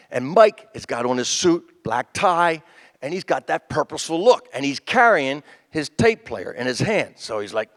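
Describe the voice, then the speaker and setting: A man in his fifties, a comedian telling rambling stand-up stories at a memorial tribute on a stage, acting out the people in them. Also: on the high side. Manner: rambling, animated, acts out quoted voices. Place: stage in front of a live audience.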